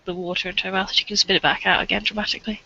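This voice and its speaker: Casual player describing their tabletop character, crisp bright tone, lo-fi audio. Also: medium pitch, little pitch movement, very fast, a little hiss or hum. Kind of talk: tabletop role-play narration. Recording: dull lo-fi.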